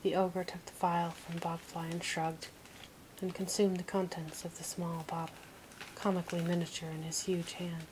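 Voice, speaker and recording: A woman reading a fantasy audiobook in a soft, slow whisper. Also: on the low side, little pitch movement, background noise. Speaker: audiobook reader.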